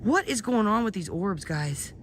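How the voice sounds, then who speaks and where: A woman's voice: mid-range voice, animated, moderate pace, a little hiss or hum. Frightened woman whispering outdoors on a phone. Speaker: live streamer. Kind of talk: filming herself in the woods. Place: snowy woods outdoors at night. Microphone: handheld phone camera.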